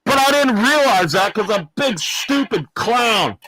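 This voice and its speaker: Man putting on a fifty-something clown, put-on Arkansas accent, brash shouted rambling, slow drawl, dry close sound. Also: high-pitched, lively intonation, dry recording, full character voice, low-quality recording. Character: loud dim-witted male clown from the American South, fifty-six. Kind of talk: comedic livestream character rant.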